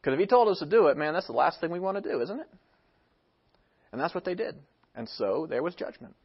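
Pastor guy preaching, high voice swinging all over, asks the crowd questions, muffled lo-fi audio. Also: sing-song, a little fast, slightly rough. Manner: emphatic, rhetorical questions, acts out quotes. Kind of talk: sermon. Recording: dull lo-fi sound.

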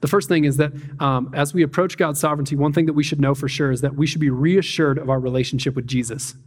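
Male pastor, relaxed chatty preaching style, higher-pitched voice, long reverb from the hall. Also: fast talker, husky. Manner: conversational, peppered with "like" and "man", acts out voices. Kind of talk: casual sermon.

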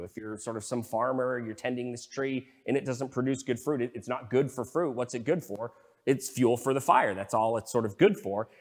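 A man's voice: medium pitch, a little mellow, in a large hall. A male pastor giving a casual, conversational sermon, full of fillers and restarts as he explains a Bible passage.

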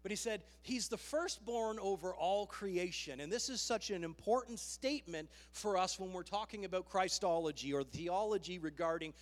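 Man, pastor, sermon, emphatic, rallying, a bit breathless, high voice, long hall reverb. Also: normal speed, few pauses. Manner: emphatic, rallying with "Amen?" and "Come on".

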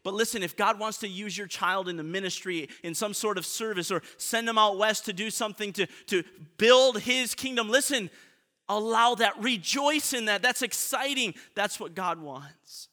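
A man preaching a sermon in an earnest way, often letting his voice drop soft at the ends of points. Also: sits high, moderate pace. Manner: earnest, often trailing off softly. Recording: long reverb of a large hall.

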